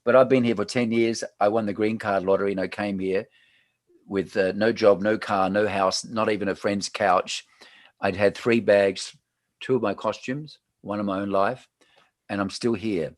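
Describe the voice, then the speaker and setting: After a panel, an Australian host runs a chatty livestream talk show, joking around and laughing often. His lowish voice holds a steady tone at normal speed, with no room sound.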